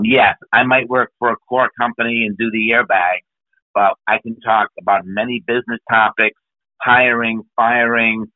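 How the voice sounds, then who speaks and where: Over a narrow, phone-like line, a fairly low-pitched man from New England speaks as a podcast guest and business speaker. He tells stories with enthusiasm and runs through lists of topics in a conversational interview, recorded dry.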